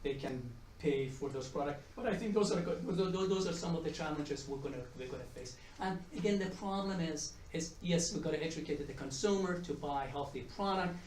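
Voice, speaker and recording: Middle-aged guy giving a talk, slightly high voice, heard from across an echoey room, chatty and repeats himself a lot. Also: brisk, few pauses, darkish tone, distant mic, slight background noise. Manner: chatty, repeats and restarts words, tells jokes. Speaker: economics professor giving a talk. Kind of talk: conference presentation. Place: conference room with audience. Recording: echoey room, mic from afar.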